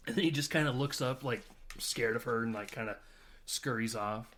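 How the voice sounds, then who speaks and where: A man's voice: mid-range voice, moderate pace, fairly bright tone. Rambling man retelling a film. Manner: rambling retelling with many fillers and acted-out quotes. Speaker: podcast co-host. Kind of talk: casual film discussion.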